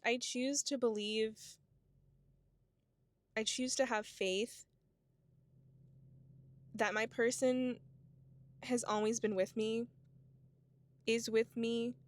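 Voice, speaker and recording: Slow and pausing often, this woman in her twenties has a slightly high voice and a steady tone. As a vlogger talking to camera, she muses spiritually in a casual, reflective way, leaning on "like" and "you know."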